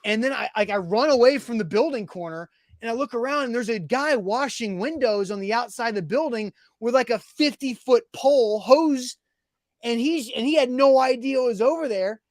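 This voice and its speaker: Animated, high-voiced man telling a story. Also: moderate pace, no room sound, clean studio sound. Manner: animated storyteller, acts out his own reactions. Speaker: sports podcast co-host. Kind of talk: casual chat, storytelling.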